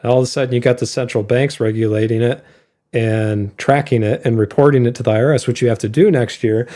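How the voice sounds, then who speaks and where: A man's voice: medium pitch, fairly even intonation, fast, dark tone. A man co-hosting a casual podcast, explaining his views at length with plenty of filler words. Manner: rambling explanations with fillers and laughs. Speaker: co-host of an investing show.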